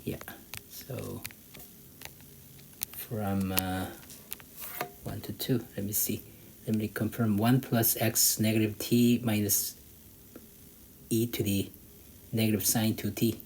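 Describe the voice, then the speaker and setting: Slow, halting man tutoring math. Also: on the low side, steady tone, creaky, darkish tone, low-quality recording. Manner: halting, many fillers, thinks aloud while using a calculator. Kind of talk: walking through an exam problem. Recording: faint background noise.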